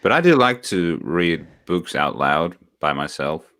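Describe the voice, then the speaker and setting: A man's voice: sits low, big pitch swings, a little slow, a bit bright, no echo, clean studio sound. A man from Finland, co-hosting a podcast in a laid-back, casual way. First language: Finnish. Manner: laid-back, brief replies, laughs easily. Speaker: podcast co-host. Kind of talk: casual chat.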